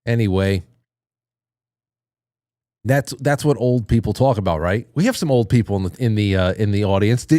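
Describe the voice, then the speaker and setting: A middle-aged man hosts a live call-in stream and rambles through crude, self-mocking asides while reading viewer comments. His voice sits at an ordinary middle pitch. The sound is dry and close, with no room echo. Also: warm tone. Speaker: call-in show host. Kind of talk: casual live-stream monologue.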